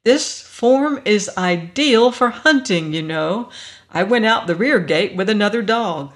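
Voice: mid-range voice, moderate pace, fairly bright tone, natural voice. A narrator voicing a carefree alien dog. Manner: easygoing, stubborn. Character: young shape-shifting alien in dog form, carefree.

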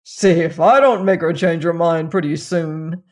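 A woman voicing a wicked, bullying old king in a storybook reading, with loud, smug bluster. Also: on the low side, measured pace, natural voice. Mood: menacing.

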